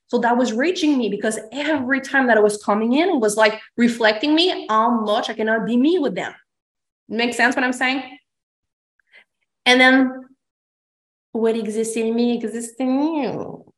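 A woman's voice: fairly high pitch, a little fast. A woman hosting a podcast, telling her story in a candid, emphatic way, swearing freely and acting out the things she said. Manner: emphatic, swears freely, acts out her own past lines. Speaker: podcast host. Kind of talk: candid confessional chat. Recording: roomy echo.

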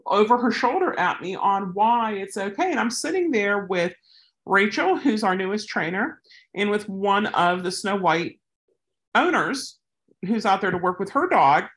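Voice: expressive, normal speed, a bit bright. Chatty dog trainer telling training stories. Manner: chatty, acts out quoted people with big pitch jumps. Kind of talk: casual training instruction with anecdotes.

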